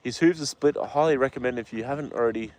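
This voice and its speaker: A man's voice: mid-range voice, fast, background noise. Laid-back Australian man chatting live. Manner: relaxed, chatty, many ums and uhs, speaks softly to the horse. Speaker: livestream host with a horse. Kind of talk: casual live chat reading viewer comments. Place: outdoor paddock with a horse.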